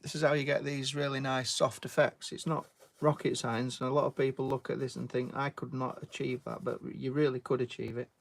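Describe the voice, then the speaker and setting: A man's voice: mid-range voice, little pitch movement, a little fast, vocal fry, few pauses. A British man chatting casually while giving a drawing tutorial and thanking viewers. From Britain. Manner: chatty, reads out viewer names and thanks them, "mate". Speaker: artist live-streaming.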